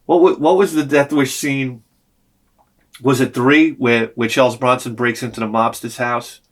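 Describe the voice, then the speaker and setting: A man's voice: mid-range voice, moderate pace. A man telling a long story as a vlogger in a casual, exasperated rant full of swearing. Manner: animated, profane, exasperated.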